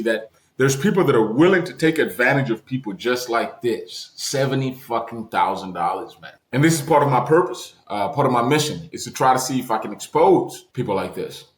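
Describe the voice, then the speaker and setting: An emphatic man hosts the talk, blunt and openly incredulous. His voice sits at a middle pitch and rings in a roomy, echoing space. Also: lively intonation, brisk, hardly any pauses. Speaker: host, channel owner. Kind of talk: interview and commentary video.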